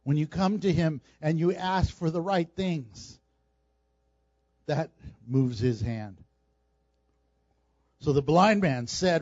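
A man's voice: high voice, slow pace, a little mellow, no echo, lo-fi sound. A male pastor preaching a sermon, emphatic and repeating phrases for stress.

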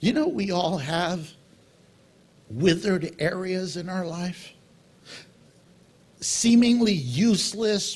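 A middle-aged male pastor preaching with a husky edge to his voice. He pitches up fairly high and swings his pitch all over the place as he acts out little exchanges with God. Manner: animated preaching, acting out dialogue with God. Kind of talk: sermon.

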